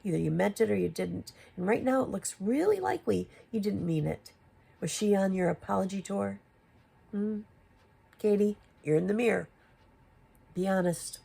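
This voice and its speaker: A woman's voice: mid-range voice, lively intonation, moderate pace, creaky, dark tone, breathy edge. A woman giving confrontational commentary, firing rhetorical questions at another creator. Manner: confrontational, rhetorical questions, rising to exasperated emphasis. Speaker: commentary YouTuber.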